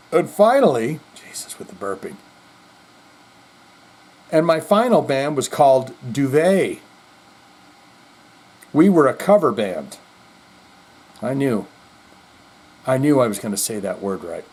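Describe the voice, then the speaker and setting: A man's voice: mid-range voice, big pitch swings, unhurried, pauses often, darkish tone. A middle-aged man hosting a podcast, rambling in casual chat with self-deprecating jokes. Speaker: podcast host.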